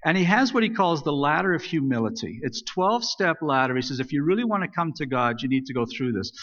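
A man delivers a casual, talky sermon, restarting phrases as he goes and reading scripture passages aloud. His voice sits a bit high. The sound is dull and rings with long reverb from the church sanctuary. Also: animated, fast, a bit bright. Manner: conversational, self-correcting, reads scripture aloud. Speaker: pastor.

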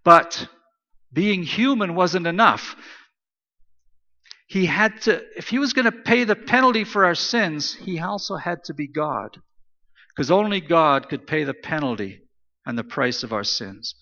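A man's voice: a little high, expressive, unhurried, bright, forceful tone, in a large hall, lo-fi sound. A man preaching a sermon in an emphatic style, repeating phrases for stress. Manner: emphatic, repetitive preaching cadence. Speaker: pastor.

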